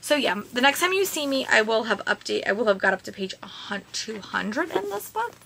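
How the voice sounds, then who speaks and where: Bright, gravelly-voiced chatty woman vlogger. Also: fairly high pitch, big pitch swings, brisk, slight background noise. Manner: chatty and rambling, with many fillers and restarts. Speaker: book vlogger. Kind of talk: casual reading vlog chat.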